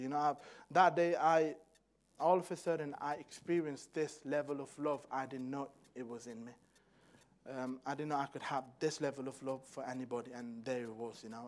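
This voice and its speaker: A young man preaching a sermon in a church, moving from hushed personal storytelling to loud, fervent exhortation. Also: mid-range voice, steady tone, fairly quick. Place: church hall.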